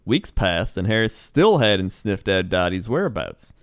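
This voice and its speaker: A man's voice: low voice, big pitch swings, a little slow, clear, resonant tone, dry recording, clean studio sound. A man co-hosting a comedy podcast, reading news stories aloud and laughing between them. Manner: laughs often, reads stories aloud with asides. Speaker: podcast co-host.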